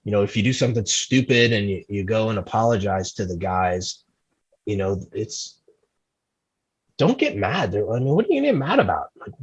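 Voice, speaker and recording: Guy from jersey rambling thru a story on a podcast, kinda husky, muffled lo-fi sound. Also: lowish voice, moderate pace. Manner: rambling, with many restarts and "like"; lively and laughing at his own stories. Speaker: amateur racing team member, podcast guest. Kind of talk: casual storytelling. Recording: dull, lo-fi sound.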